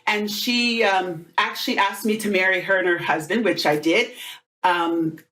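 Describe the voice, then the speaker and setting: A middle-aged woman, a motivational speaker, telling stories in an animated, conversational way during an interview. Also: medium pitch, moderate pace. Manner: animated, acts out quoted voices.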